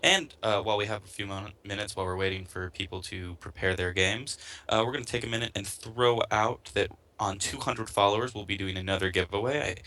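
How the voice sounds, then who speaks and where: Male co-caster, low-pitched but bright and edgy tone, wry and composed. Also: a little fast. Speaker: tournament co-caster. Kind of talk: casual esports casting.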